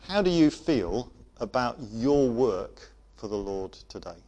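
A man preaching a sermon to a congregation, gentle in manner, often dropping to a soft voice for emphasis. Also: medium pitch, very animated, takes it slowly. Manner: gentle, varies loudness for emphasis, drops to soft tones.

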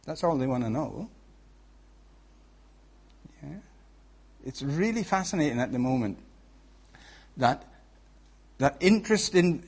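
A man's voice: medium pitch, slightly rough. A man with a Welsh accent preaching a sermon in a conversational way, often checking in with the congregation. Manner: conversational, checks in with "yeah?" and "right?".

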